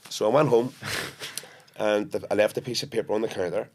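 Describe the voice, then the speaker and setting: A man's voice: on the low side, fairly quick. A man with a Belfast accent, a guest actor chatting in a casual podcast interview, telling stories animatedly with frequent restarts. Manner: animated storyteller who acts out quotes with frequent restarts.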